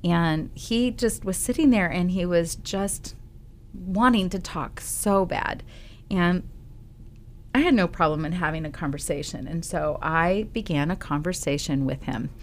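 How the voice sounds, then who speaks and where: Woman radio host, slightly low voice, chatty storyteller with ums. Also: a little slow, slight background noise. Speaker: Christian radio show host. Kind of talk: casual faith talk on radio. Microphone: studio microphone.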